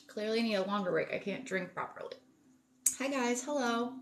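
A woman's voice: fairly high pitch, normal speed, slight background noise. A woman in casual live-stream chat from home on a phone, upbeat and chatty, greeting viewers and swearing casually. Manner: greets viewers warmly, fillers like um. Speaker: spiritual wellness live-streamer.

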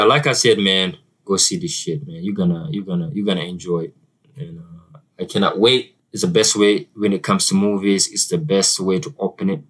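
A man's voice: low-pitched, a bit bright, low-quality recording. A man with an African accent giving a casual, chatty movie review to camera, often repeating words and using fillers.

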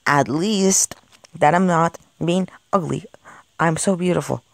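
Here the same kind of amateur creator narrates and plays all the characters in a made-up game scenario, tripping over and repeating words. The delivery is measured, mid-range, and touched with vocal fry, with no echo on the close home recording.

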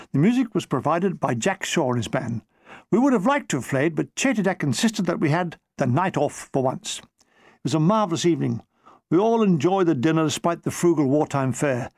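A man's voice: a little high, no room sound. A man reading his own war memoir aloud in a dry, wry, comic storytelling manner.

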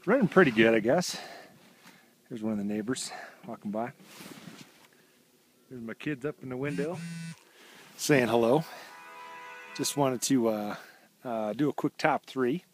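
A man hosting a rambling walk-around video diary, talking in a laid-back, slangy, deadpan way with plenty of fillers, recorded outdoors in snowy woods on a handheld camera. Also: mid-range voice, unhurried, pauses often, a little hiss or hum. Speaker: vlog host.

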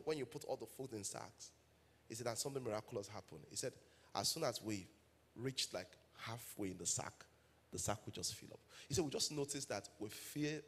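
A man's voice: mid-range voice, a bit bright, slightly rough. A man with a Nigerian English accent preaching a sermon as pastor, telling stories and building to emphatic calls to the congregation.

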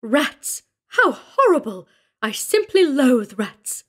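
A man voicing a nervous, fussy upper-class English lady in a shrill falsetto. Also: very animated, takes it slowly, pushed and bright, full character voice. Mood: fretful.

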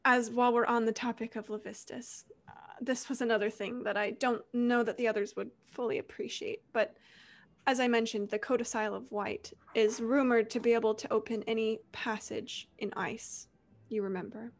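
A woman running a tabletop game as game master, playful and quick to laugh. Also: fairly high pitch, steady tone. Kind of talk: narrating and voicing a tabletop game.

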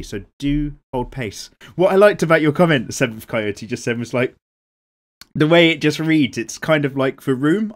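A young British man hosting a drawing show, reading out viewer comments in a rambling, casual way, swearing freely and laughing often. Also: mid-range voice. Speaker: art channel host.

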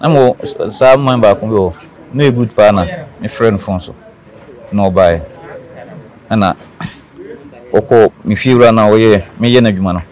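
A man's voice: fairly low pitch, normal speed, pauses often, darkish tone. Earnest Ghanaian man recounting an ordeal. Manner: earnest, repeats phrases for emphasis. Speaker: interview guest. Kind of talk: telling a personal story.

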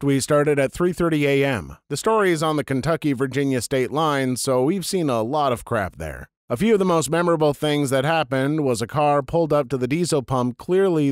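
A man reads out a series of anecdotes in a scripted, matter-of-fact narration. His pitch moves a lot, rising and falling through each line. The recording is dry and close, with no room sound. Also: dry recording. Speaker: narrator reading internet stories.

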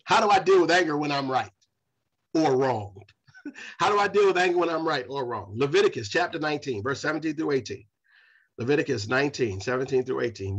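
A man's voice: a little high, expressive, a little fast, slightly rough, highs cut off. A pastor leading a Bible study, preaching in a repetitive style straight to his congregation. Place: church.

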